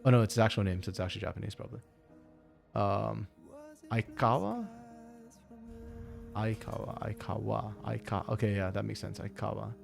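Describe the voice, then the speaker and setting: Speaking at a moderate pace in a fairly low, creaky voice, a man rambles through casual live commentary while co-streaming an esports match. He often chuckles, corrects himself along the way, and leaves long pauses as music plays behind him.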